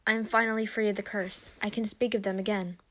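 A woman's voice: mid-range voice, level tone, quick pace, a bit bright, close to an everyday voice. Legendary, a woman reading as a formal male dragon. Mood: explaining. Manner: formal and explaining. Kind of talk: storybook reading.

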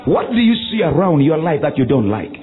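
A man preaches with call-and-response commands, his voice leaping high and dropping low. The sound is thin and phone-like, with faint music underneath. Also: sing-song. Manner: commanding call-and-response preaching, swinging between shouts and low drawn-out lines. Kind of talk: sermon.

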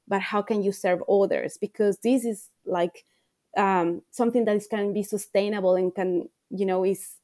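A woman's voice: mid-range voice, dark tone, no room sound, studio quality. A woman coach speaking as a podcast guest, earnest and reflective, repeating phrases for emphasis. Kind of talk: podcast interview.

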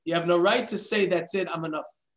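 A man's voice: high-pitched, fairly even intonation, a little fast, voice pushed down, natural voice. A man voicing an elderly revered sage who explains and exhorts in an emphatic, fatherly way. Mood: exhorting.

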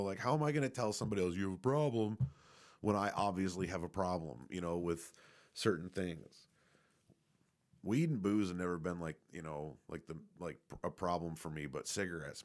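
Deep-voiced man telling a rambling story. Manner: rambling, laid-back, swears a lot. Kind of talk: casual personal storytelling.

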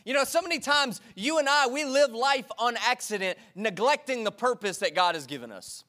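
A man preaching a sermon to his congregation in church, energetic and exhorting, drawing call-and-response from the crowd. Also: extremely high pitch, brisk. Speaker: pastor.

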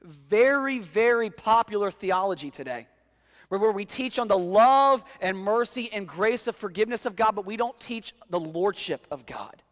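A man's voice: sits high, lively intonation, moderate pace, a bit bright, in a large hall. A man preaching a sermon as pastor, emphatic, often repeating words as he reads scripture aloud.

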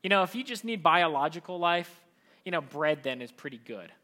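Animated man preaching a casual sermon. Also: fairly high pitch, a little fast. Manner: conversational, animated, acts out quoted voices. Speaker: pastor.

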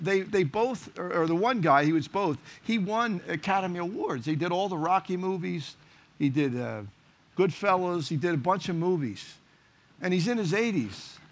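Animated, high-voiced pastor telling stories. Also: male voice, a little hiss or hum. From United States. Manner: animated storyteller, acts out quoted dialogue. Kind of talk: sermon storytelling.

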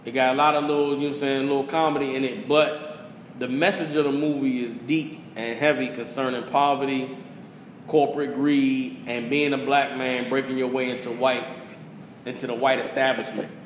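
A man's voice: medium pitch, normal speed, echoey room, in a large hall, a little hiss or hum. A man hosting a casual talk show, animatedly retelling a movie and acting out its lines. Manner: animated storytelling, acts out quotes. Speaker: podcast host. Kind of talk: casual chat, movie rundown.

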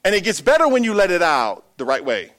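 Animated preaching man, high lively voice. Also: brisk. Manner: animated, humorous, swings from hushed to emphatic. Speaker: pastor. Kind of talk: sermon.

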